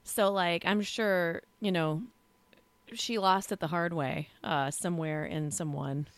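A woman co-hosting a casual film podcast, chatty and animated, recapping scenes with playful asides. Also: lowish voice, measured pace, smooth, no room sound. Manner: chatty, animated, bursts into squealing voices when quoting. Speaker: podcast co-host.

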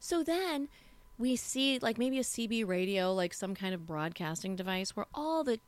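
Animated woman podcast host. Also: medium pitch, normal speed, no room sound. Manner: animated storyteller, slips into voices. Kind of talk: casual movie-discussion chat.

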